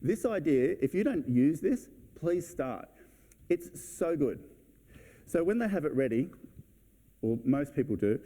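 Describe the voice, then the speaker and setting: Man, very dark mellow voice, blunt and brisk conference speaker who acts out client chats. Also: mid-range voice. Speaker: real estate agent giving a talk. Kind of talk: conference talk. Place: event hall.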